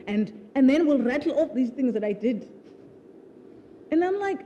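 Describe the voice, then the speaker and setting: Animated woman author with a mellow voice. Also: sits high, normal speed, long pauses, slight background noise. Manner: animated, laughs often, restarts sentences with repeated words. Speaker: author speaking at her book launch. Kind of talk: conversational talk at a live event. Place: live festival event with an audience.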